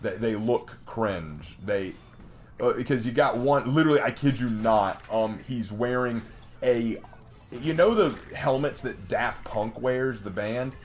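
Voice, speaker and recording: A man streaming a game, ranting casually in an animated, mocking way, with frequent restarts and stammered repeats. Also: medium pitch, a little slow.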